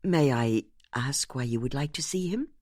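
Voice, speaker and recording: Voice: medium pitch, animated, normal speed, a little mellow, no room sound, studio quality, close to an everyday voice. A narrator doing a chatty Irish receptionist in her fifties. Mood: friendly. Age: 50s. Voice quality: friendly, chatty, conspiratorial.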